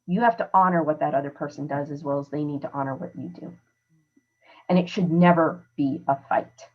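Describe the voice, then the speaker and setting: The audio is dull, and her voice sits low as she talks fairly fast. She's a podcast host coaching listeners casually, with earnest and emphatic advice.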